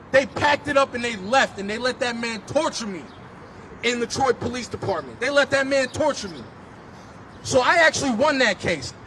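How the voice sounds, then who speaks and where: A man's voice: very high voice, noisy background. A man speaking at a street march, telling his own story in vivid, impassioned testimony. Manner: vivid storytelling, rising to emphatic pleas. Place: outdoors on a city street.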